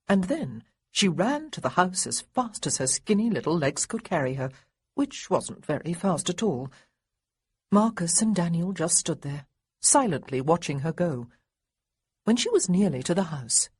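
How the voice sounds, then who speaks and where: A woman narrating an audiobook in an expressive, wry storytelling manner, with a husky voice. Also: on the low side, measured pace, dry recording, studio quality. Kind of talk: scripted narration.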